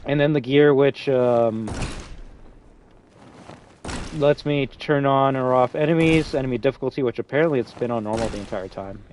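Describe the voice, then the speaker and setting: A man's voice: mid-range voice, moderate pace, pauses often, darkish tone, slight background noise. A man streaming a game, chatting casually with a friend and his viewers, rambling with restarts and casual swearing. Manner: rambling, many restarts and fillers, swears freely. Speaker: streamer hosting a game lobby. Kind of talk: casual live-stream chat.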